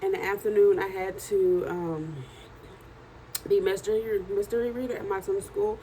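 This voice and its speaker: A woman in her thirties with a hoarse, worn-out voice, chatting in a casual video diary at home at night, tired and animated as she tells stories. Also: mid-range voice, moderate pace, a little hiss or hum, low-quality recording. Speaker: vlogger and journal author.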